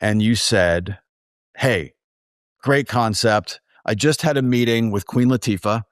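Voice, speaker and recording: A man's voice: on the low side, a little slow, no echo, studio quality. A man, a film producer, telling casual stories in an interview and acting out quoted dialogue. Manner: animated anecdotes with quoted dialogue.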